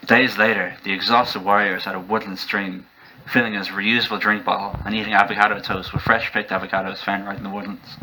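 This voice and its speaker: Man, comedic storyteller, mock-epic deadpan, lowish pitch, bright tone. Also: brisk, slight background noise, rough recording. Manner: mock-epic deadpan, laughing through lines.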